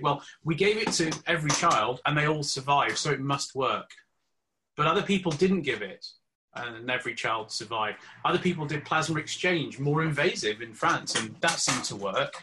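A man's voice: mid-range voice, noisy background. A pediatric doctor, a man, argues his case on a panel in an emphatic way. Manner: emphatic, argumentative. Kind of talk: panel discussion argument.

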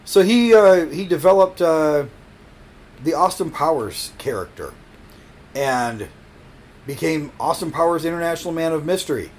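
Husky guy going through movie trivia on a podcast, voice jumps up n down a lot. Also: on the high side, lively intonation, moderate pace. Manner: hesitant, lots of fillers and restarts, laughs easily. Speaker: podcast co-host. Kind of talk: casual chat with trivia.

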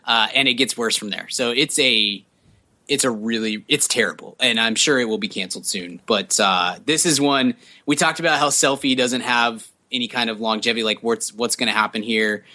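A man's voice: medium pitch, normal speed, sharp tone. A man co-hosting a casual podcast, chatting about TV shows with sarcastic asides. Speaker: podcast co-host. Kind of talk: casual chat reviewing TV pilots.

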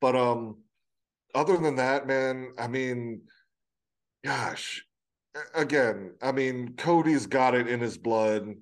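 A man's voice: mid-range voice, slow, long pauses. Musing man in casual wrestling talk. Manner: thoughtful, musing aloud, hesitant fillers. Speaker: podcast co-host.

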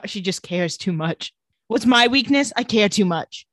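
A woman co-hosting a casual recap chat, sarcastic and quick to laugh. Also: mid-range voice, animated, a bit bright, dry recording. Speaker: podcast co-host.

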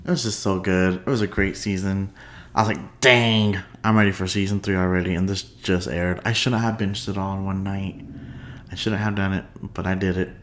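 A man hosting a solo podcast in a bubbly, unscripted chat, sleepy at the end of a long day, laughing often and swinging his pitch up for playful asides. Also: flat delivery, brisk. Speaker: podcast host.

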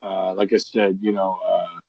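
This veteran wrestler, a middle-aged podcast guest, speaks in a low voice, a little slow, telling rambling stories full of restarts and repeats while retelling quotes with liveliness. The sound is dull and dry, with no room sound at all.

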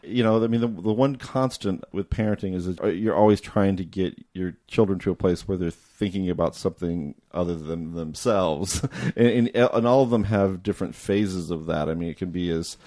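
Deep, mellow-voiced man talking films. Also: moderate pace, few pauses, no room sound, studio quality. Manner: thoughtful, hesitant restarts. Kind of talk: casual film discussion.

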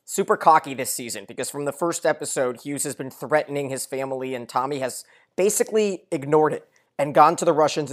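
A podcast co-host walks through a TV plot in long, run-on explanations, pushing back on the other host's take. The voice sits at a middle pitch that does not clearly read as either male or female. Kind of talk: casual TV recap discussion.

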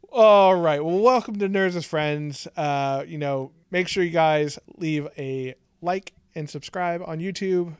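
A man co-hosting a podcast, chatting casually with quick jokes and asides. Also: fairly high pitch, clear, resonant tone, no echo, clean studio sound. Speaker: podcast co-host. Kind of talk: casual chat.

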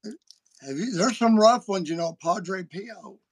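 A man hosts a casual podcast, telling stories in an animated, folksy way. His voice sits fairly high and has a gravelly edge. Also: takes it slowly. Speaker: podcast host. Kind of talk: casual chat.

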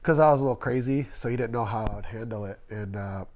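Speaking quickly in a slightly mellow, mid-range voice, a man in his thirties opens up in a casual interview. He's a tattoo artist from Las Vegas who tells candid, emotional stories and doesn't hold back on swearing.

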